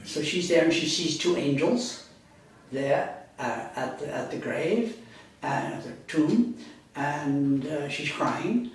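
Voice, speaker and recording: Male lecturer, slightly high voice, meandering delivery, distant mic in a very echoey room. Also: slow. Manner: rambling, self-correcting, conversational. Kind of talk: university lecture. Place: classroom. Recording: echoey classroom, speaker far from mic.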